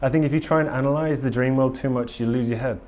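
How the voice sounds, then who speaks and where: A conference speaker talks fast in a medium-pitched, a little mellow voice with fairly even intonation. Speaking casually to a live audience in a conference room, he rambles earnestly, with frequent ums and restarts.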